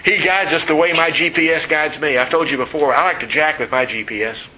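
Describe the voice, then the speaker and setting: A man's voice: a little high, brisk, a little hiss or hum, low-quality recording. A man preaching a sermon in a conversational, teasing way, asking the congregation questions. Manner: conversational, teasing, animated storytelling. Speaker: pastor.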